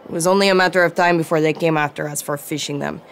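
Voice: mid-range voice, fairly even intonation, fast, vocal fry, slight background noise, close to an everyday voice. A narrator voicing an angry, drunken male town mayor who bellows and sneers. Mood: ranting. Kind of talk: audiobook narration.

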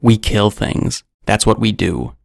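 A man's voice: fairly low pitch, very animated, slow pace, no echo, studio quality, full character voice. A man growling as a furious man-eating lion. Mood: menacing. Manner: gruff, menacing growl. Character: angry vengeful male man-eating lion.

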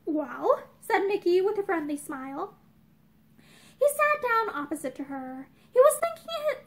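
A young woman reading a novel aloud expressively, with small restarts, in a room with bookshelves. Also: very high voice. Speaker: reader of a novel.

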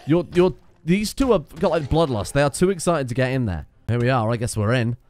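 A young man giving casual let's-play commentary, excitable, swearing and shouting at his teammates. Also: mid-range voice, fairly quick. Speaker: gaming video host.

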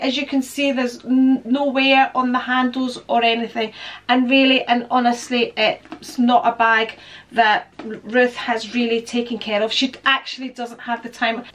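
A woman's voice: a little high, fairly bright tone. A woman vlogger chatting casually through a product review, rambling and friendly.

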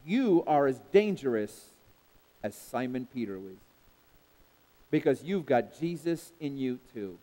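A man's voice: medium pitch, sing-song, a little slow, pauses often, warm tone. A man preaching a sermon with emphatic, repeated refrains, calling out to the congregation for responses. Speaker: pastor. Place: church sanctuary. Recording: long hall reverb in a church.

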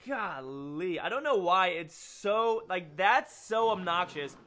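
A young man giving excitable live commentary on his own gameplay as a gaming video host, exclaiming and groaning at each turn. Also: sits high, slow pace. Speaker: gaming YouTuber.

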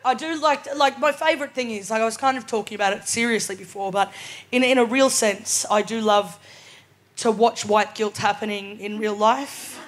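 A woman's voice: a little high, fairly even intonation, normal speed. A woman in her twenties with an Australian accent, performing chatty stand-up comedy at a live venue and laughing often as she tells her stories. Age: 20s. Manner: chatty, laughing storyteller, keeps asking "right?".

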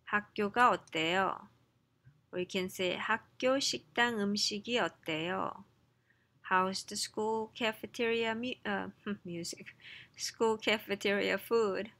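A woman teaching a textbook lesson, reading lines quickly, then explaining them slowly and chattily with small slips and self-corrections. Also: medium pitch, steady tone, a bit bright. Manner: reads Korean lines fast, then explains slowly in English. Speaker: Korean language teacher.

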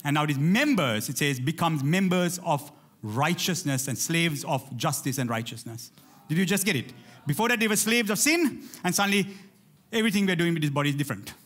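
Man, pastor, animated sermon, calls on the congregation, slightly high voice, church. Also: fairly quick. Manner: animated, rallies the congregation with call-outs.

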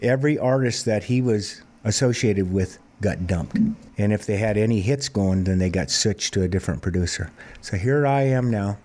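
A man in his fifties from Montana, a singer-songwriter telling plainspoken stories in a relaxed interview. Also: fairly low pitch, normal speed. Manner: relaxed, plainspoken anecdotal storyteller. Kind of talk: conversational storytelling interview.

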